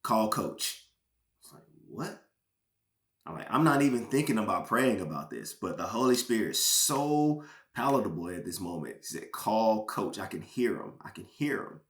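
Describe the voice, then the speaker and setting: A man from Georgia, a former pro football player, sharing a personal testimony as a podcast guest with earnest, halting emotional storytelling. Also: on the low side, big pitch swings, fairly bright tone, echoey room. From Georgia, USA.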